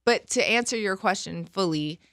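A woman in her thirties talking candidly as an interview guest in a relaxed, casual way. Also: medium pitch, normal speed, no echo, clean studio sound. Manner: candid and relaxed, with fillers and laughs.

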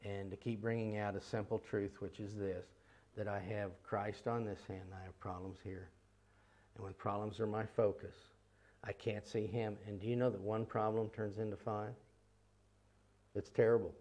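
A man's voice: fairly low pitch, level tone, normal speed, darkish tone. A man teaching a ministry seminar in an earnest, emphatic way, repeating key phrases and firing off runs of rhetorical questions.

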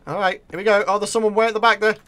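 A man with a British accent commentating live on his own gameplay, excitable and taunting his opponents. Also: high-pitched, racing, slight background noise. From Britain. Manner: excitable, talks to opponents and viewers. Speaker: gaming video creator.

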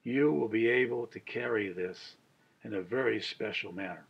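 A man's voice: lowish voice, moderate pace, vocal fry, breathy edge, dull audio. A man in his sixties, a pastor, giving an earnest Bible study sermon with a personal story, chuckling as he tells it.

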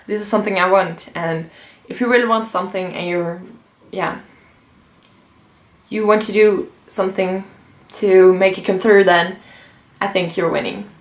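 A woman's voice: medium pitch, fairly even intonation, normal speed. A young woman telling a personal story in an emotional, earnest vlog, with many fillers and restarts. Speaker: vlogger. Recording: roomy echo.

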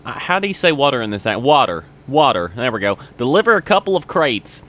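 A man's voice: very animated, fast. A man putting on an exaggerated regional accent he used to speak with, reading out game text in a hammy way. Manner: raised pitch, loud, hammy reading.

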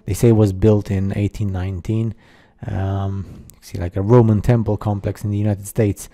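A man narrates a slideshow video in a very dark, mellow, fairly low voice with a level tone. His delivery is casual and halting, full of filler words and skeptical side comments.

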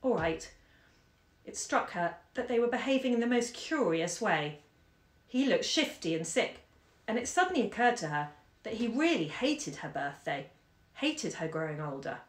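A woman's voice: medium pitch, sing-song, normal speed. Woman reading a story, echoey room. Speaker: bookseller reading aloud. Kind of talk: story read aloud on a live stream. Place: home during lockdown.

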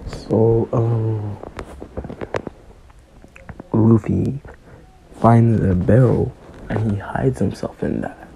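A man telling a fan-made story in a casual, hesitant way, filling gaps with ums and you-knows. His delivery is slow and drawn out, and his voice sounds very dark and mellow. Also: fairly low pitch, steady tone, gravelly, a little hiss or hum, low-quality recording. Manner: hesitant, full of fillers.

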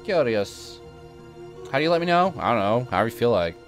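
A man's voice: mid-range voice, sing-song, rapid-fire, faint music behind. A man hosting a gaming channel, chatting casually with sarcastic, rambling asides while playing. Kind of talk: casual let's-play commentary.

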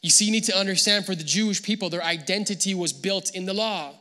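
A man preaching a sermon as pastor, animated and acting out the people he quotes. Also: sits high, quick pace, in a large hall. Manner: animated, acts out quoted voices. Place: church hall.

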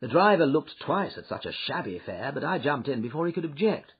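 A man reading an audiobook, voicing a shrewd male detective who recounts his adventure with lively, wry storytelling, on a dull lo-fi recording. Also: fairly high pitch, fairly quick, slightly rough, exaggerated voice. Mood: amused.

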